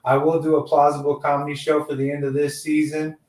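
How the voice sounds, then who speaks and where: A man's voice: on the high side, completely flat delivery, quick pace, darkish tone, distant mic. A man hosting a casual podcast interview, loose and rambling, tossing in "dude" a lot. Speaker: podcast host. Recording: echoey room, off-mic.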